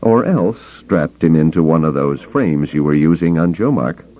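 A man voicing a calm, steady young male hero in an audiobook, speaking quietly and measured. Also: extremely low pitch. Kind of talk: audiobook character voice. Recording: dull lo-fi cassette tape.

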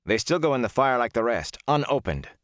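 A man's voice: medium pitch, very animated, fairly quick, a bit bright, no room sound, clean studio sound, pitched above the performer's own voice. A man voicing an exasperated, impatient young male lord in an audiobook.

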